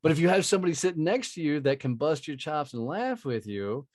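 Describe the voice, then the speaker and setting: A man's voice: a little high, expressive, brisk, darkish tone, no echo, clean studio sound. A man guest telling sales stories in a blunt, profane, emphatic way, often tagging lines with "right?". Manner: profane, emphatic, tag questions. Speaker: podcast guest, sales trainer. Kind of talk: casual storytelling.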